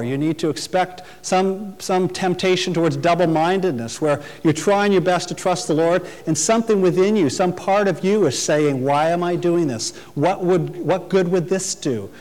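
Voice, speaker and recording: Earnest preacher in a reverberant hall. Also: male voice, sits high, darkish tone. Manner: earnest expository preaching with repetitions. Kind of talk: sermon.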